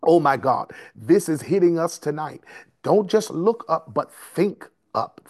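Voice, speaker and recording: A man preaching a sermon in a slow, rhythmic cadence, repeating and building phrases. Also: on the high side, expressive. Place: service streamed over video call and conference line.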